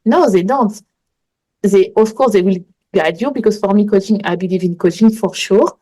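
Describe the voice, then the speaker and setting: This manifestation coach, a woman guesting on a podcast, shares sincere, meandering stories in English that isn't her first language. She speaks at medium pitch and normal speed with a dark tone, and the audio quality is poor.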